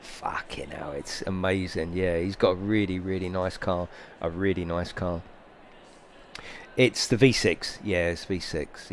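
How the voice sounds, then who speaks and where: A man's voice: low-pitched, slight background noise. A middle-aged British man chatting casually on a sim racing stream, a rambling, sweary storyteller who grows heated. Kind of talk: casual live-stream chat.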